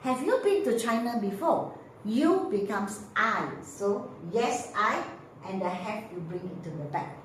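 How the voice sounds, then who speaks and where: A woman's voice: on the high side, lively intonation. Woman teacher, patient and repetitive, in a heavily echoing room with faint background noise. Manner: slow, patient, repeats drill phrases. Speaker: English teacher. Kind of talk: grammar lesson explanation. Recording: echoey room, voice from mic distance.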